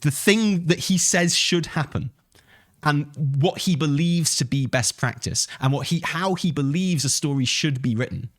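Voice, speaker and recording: A man's voice: a little high, normal speed, no room sound, studio quality. A man streaming live who reads a post aloud and argues with his chat in a heated, profane way. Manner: profane, heated, argumentative, swings to shouting. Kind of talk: live commentary, reading a post aloud and replying.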